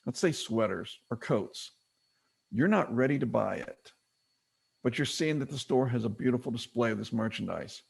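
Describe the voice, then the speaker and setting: A middle-aged man leads a business training webinar in an easy, conversational teaching manner. His voice has a gravelly edge and sits at a medium pitch. He drops into short acted quotes when he retells a story. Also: a little mellow. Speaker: webinar presenter.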